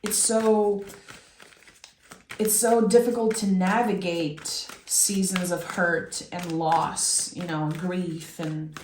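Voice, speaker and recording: A woman from Québec talks through a tarot reading at an unhurried, drifting pace, her voice sitting a little low. She muses and encourages gently as she goes. The sound rings in a noticeably echoey room. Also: steady tone, a little hiss or hum. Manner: reflective, meandering, gently encouraging. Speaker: tarot reader.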